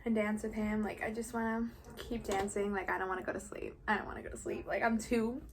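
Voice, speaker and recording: Brief: giddy young woman who can't sleep from excitement, gushing, "like" every few words, played by a young woman in her own voice. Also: medium pitch, a little fast, close to an everyday voice. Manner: gushing, full of "like".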